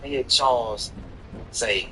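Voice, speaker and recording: A man streaming gameplay, telling a personal story in an animated, profane way with bursts of laughter. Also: medium pitch, slow, noisy background. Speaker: gaming streamer. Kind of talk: casual storytelling over gameplay.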